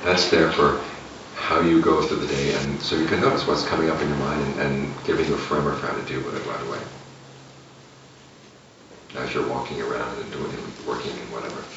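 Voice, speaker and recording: A man, a meditation teacher, giving a relaxed, conversational dharma talk and chuckling at his own asides. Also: a bass voice, fairly quick. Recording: echoey room, distant mic, lo-fi with noise.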